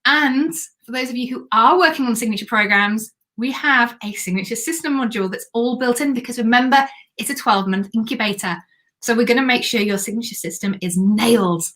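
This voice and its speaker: A woman hosting a live stream as a business coach, chatty and excitable while pitching a program. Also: fairly quick. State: has the hiccups.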